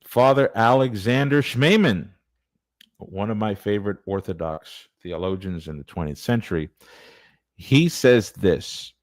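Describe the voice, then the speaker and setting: A man's voice: fairly low pitch, unhurried, dry recording. A man presenting church history in an earnest, digressive, conversational lecture. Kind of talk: casual lecture.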